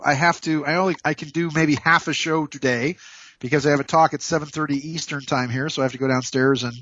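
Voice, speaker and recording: A man's voice: a little high, sharp tone, no room sound, dull audio. A man hosting a radio show over a call, joking and rambling with lots of restarts. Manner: playful, jokey, rambling with restarts. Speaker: radio host. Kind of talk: casual radio talk. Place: hotel room. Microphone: Skype call.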